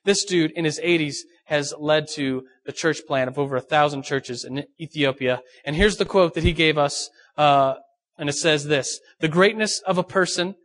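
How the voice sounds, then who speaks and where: A young man preaches a lively, joking sermon, asking his listeners questions as he goes. His voice sits a little high for a man. At times he sounds a bit off the mic. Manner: lively, joking, talks to the audience directly. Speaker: pastor. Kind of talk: youth sermon.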